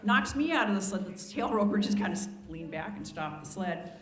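Older woman storyteller, in her sixties, anecdotal and lively, roomy echo. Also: mid-range voice, a little fast, faint music behind. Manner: animated anecdotal, many restarts and asides. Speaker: ski patroller telling stories. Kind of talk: storytelling to a gathering. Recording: echoey room.

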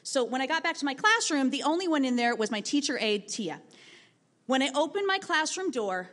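A woman teacher telling a lively story from her classroom to an audience, acting out the voices of the people in it. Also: high voice, a little fast. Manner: lively, animated storytelling with acted quotes.

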